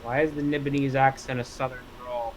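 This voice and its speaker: A man's voice: medium pitch, little pitch movement, a little fast, rough recording. A man playing a tabletop role-playing game, speaking in a dry, matter-of-fact way. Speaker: player. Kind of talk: casual chat.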